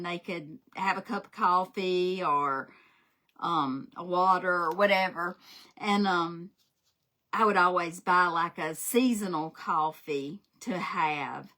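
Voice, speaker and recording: This woman hosts a craft livestream, laughing a lot as she chats and shares stories over her live crafting. She has a lowish voice with a sharp tone.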